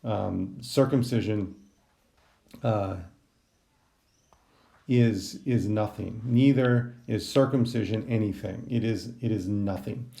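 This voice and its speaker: A man's voice: on the low side, takes it slowly, vocal fry, pauses often, warm tone. A man teaching a Greek translation lesson, thinking aloud with many ums and restarts. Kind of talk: recorded class lecture.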